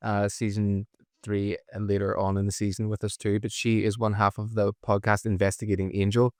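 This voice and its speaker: Man from Ireland, podcast co-host, eager jokey fan chat, smooth voice, dry close recording. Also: on the low side, completely flat delivery, brisk, darkish tone, no room sound. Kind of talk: casual chat about a TV episode.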